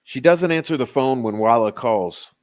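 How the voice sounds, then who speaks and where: A man's voice: medium pitch, animated, moderate pace. A man reading out court testimony and commenting on it with indignant sarcasm. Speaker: true-crime commentator.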